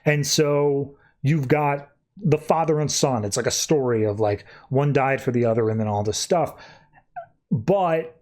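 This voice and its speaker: A man hosting a podcast, casually recapping comic book plots as a rambling, animated storyteller. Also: fairly high pitch. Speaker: podcast host.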